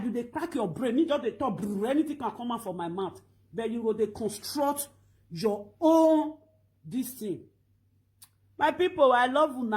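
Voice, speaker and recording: A middle-aged woman with a Nigerian Pidgin accent, ranting loudly and emphatically to her online followers in a scolding, repetitive way. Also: fairly high pitch. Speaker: Facebook live video blogger. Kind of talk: animated ranting monologue.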